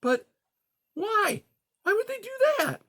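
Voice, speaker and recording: A man's voice: extremely high pitch, huge pitch swings, normal speed, a bit bright, voice pushed up, heavily acted. A man doing an anxious young fox kit.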